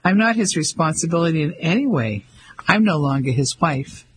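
A man's voice: fairly high pitch, lively intonation, fairly bright tone, slight background noise, poor audio. A man doing a spirited middle-aged woman. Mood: brisk. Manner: cheerful, brisk. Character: lively middle-aged Englishwoman, warm and spirited.

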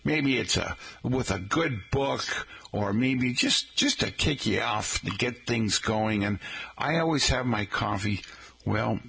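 Male radio host, casual and rambling, raspy gravel at the bottom of his voice. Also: medium pitch, slow pace, sharp tone. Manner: rambling, folksy, chatty asides to listeners.

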